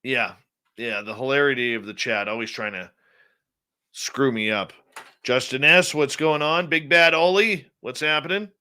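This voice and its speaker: A man's voice: medium pitch, normal speed, bright, forceful tone, clean tone. A man hosting a radio talk show, chatting casually and reading out the live chat, sounding tired and yawning.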